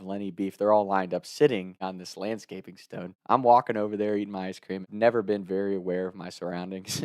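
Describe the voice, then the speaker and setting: Male, 20s, relaxed storyteller with a dry studio sound; playful, cracks up mid-line. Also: lowish voice, clear, resonant tone, no echo. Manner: chatty, laughs between lines, loud voiced impressions. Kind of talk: casual storytelling.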